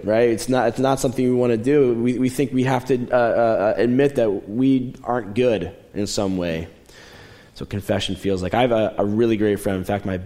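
A young adult man preaching a sermon in a conversational way, moving between raised, emphatic lines and quiet, low asides. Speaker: pastor.

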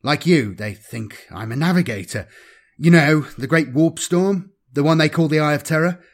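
A nervous young navigator in a science-fiction audiobook, played by a man reading the story. He speaks higher than the storyteller's own voice, and his words come out quivering and insistent, as if he is desperate to be believed. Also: normal speed. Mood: anxious. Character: young male space navigator, nervous and earnest.

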